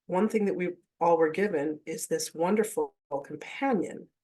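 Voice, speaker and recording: A woman's voice: fairly low pitch, a little mellow. Candid, chatty woman teaching a class. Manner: chatty and candid, laughs often, swears offhandedly; addresses the audience directly. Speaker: spiritual teacher leading a masterclass. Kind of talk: casual teaching mixed with personal storytelling.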